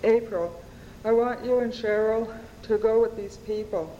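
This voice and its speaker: A woman's voice: fairly high pitch, a little slow, long reverb tail, highs cut off, slight background noise, close to an everyday voice. Woman reading as a tearful struggling mother. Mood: pleading. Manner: strained, trying to stay composed. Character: tearful mother, struggling to hold back sobs.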